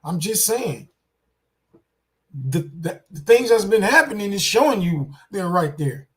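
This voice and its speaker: Man, reaction commentary, indignant, repetitive, direct to viewers, high voice. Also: sing-song, measured pace.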